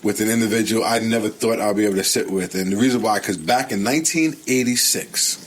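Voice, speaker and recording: Eager pastor hosting a radio talk show. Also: male voice, on the low side, quick pace. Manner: enthusiastic, repeats words and restarts often. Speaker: host and senior pastor.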